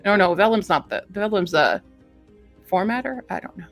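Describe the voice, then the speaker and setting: A woman's voice: medium pitch, animated, moderate pace, soft background music. Chatty woman reviewing books. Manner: chatty, laughs often, reads aloud. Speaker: book reviewer host. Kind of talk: casual chat.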